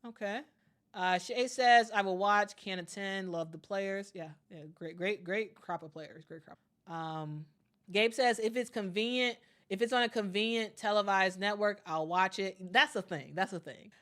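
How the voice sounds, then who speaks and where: A woman's voice: mid-range voice, steady tone, moderate pace, fairly bright tone. A young woman hosting a casual sports livestream, chatting with many fillers and repeats and reading viewer comments aloud. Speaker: sports channel host.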